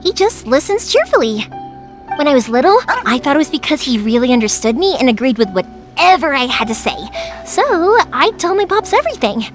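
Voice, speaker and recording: A woman voicing a lively young fireworks maker and caring daughter in a video game dub, energetic and patient. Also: high voice, a little fast, faint music behind. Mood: warm. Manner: bright and energetic, patient with her father.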